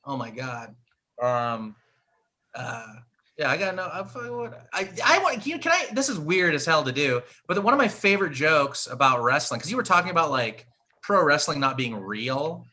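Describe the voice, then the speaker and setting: Male comedian guest, lively animated delivery, crude self-mocking jokes. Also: on the high side, moderate pace. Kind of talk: stand-up bits on a live show.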